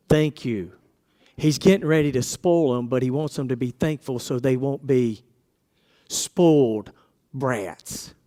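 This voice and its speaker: A man's voice: medium pitch, mellow. A man preaching a casual sermon, asking his congregation questions and acting out quoted voices.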